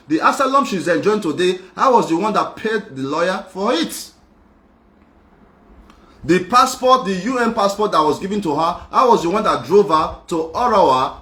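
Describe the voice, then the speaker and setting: A man's voice: high-pitched, fairly bright tone. Emphatic man, echoey room. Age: young adult. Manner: insistent and repetitive, emphatic. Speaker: guest speaking on a live show. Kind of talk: emotional personal monologue.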